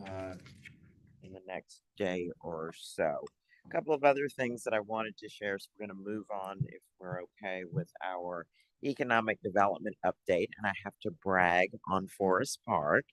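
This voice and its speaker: A man on city economic development staff, giving an upbeat, chatty update to a public board meeting and pausing now and then to find his papers. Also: deep voice, fairly bright tone, dry recording, poor audio.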